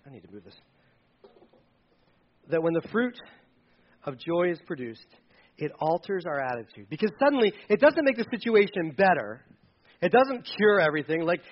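A pastor preaches a sermon with animation, joking with his congregation and repeating key words for emphasis. His voice is fairly high-pitched, and the sound is lo-fi.

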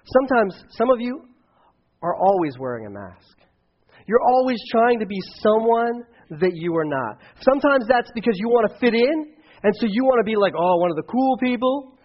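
A man in his thirties preaching to a youth group, his voice sitting high and a little bright for a man. He rambles, stumbles over restarts and bursts into loud shouts as he acts out a story. The recording sounds dull and lo-fi, with muffled highs. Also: very animated, moderate pace. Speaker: youth pastor. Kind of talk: casual youth sermon with a personal story.

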